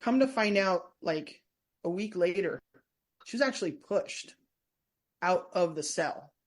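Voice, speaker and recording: This guest has a fairly low, expressive voice and an unhurried way of speaking. A former prison staff member turned tour guide, she recounts stories in a casual podcast interview, meandering, chatty, and prone to restarting her sentences.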